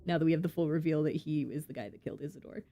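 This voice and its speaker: A woman streamer commenting on a game in a casual, excitable way, exclaiming and swearing. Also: sits low, very fast, a little hiss or hum. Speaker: vtuber streamer.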